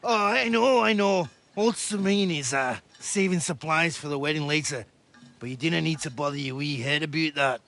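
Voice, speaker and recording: A rowdy Scottish brawler. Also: male voice, on the high side, moderate pace, gravelly. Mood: mocking. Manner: taunting, crude, shouting in a fistfight. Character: rowdy bawdy Scottish brawler, mocking and crude. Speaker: brawling troublemaker. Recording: game audio with music behind. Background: game music.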